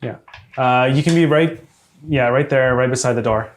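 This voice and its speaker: A man as dungeon master running a tabletop game, relaxed and hesitant, with many fillers and frequent laughs. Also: mid-range voice, moderate pace, a little hiss or hum.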